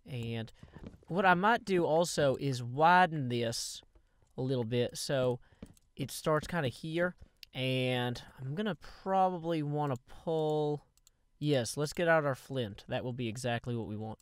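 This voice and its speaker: A man's voice: mid-range voice, a little slow, clear, resonant tone. A man hosting a Minecraft video, giving casual gameplay commentary full of playful, rambling asides to his viewers.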